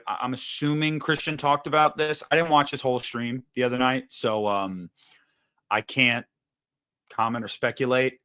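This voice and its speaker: A man's voice: mid-range voice, fairly bright tone, clean tone. A man hosting a casual livestream, chatting with viewers in a loose, profane, rambling way. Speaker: livestream host.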